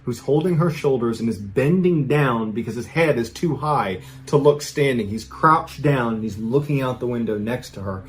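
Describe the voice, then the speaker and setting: A man's voice: medium pitch, expressive, moderate pace, few pauses, a little hiss or hum. Male podcast host, casual storyteller, builds suspense in a conversational tone.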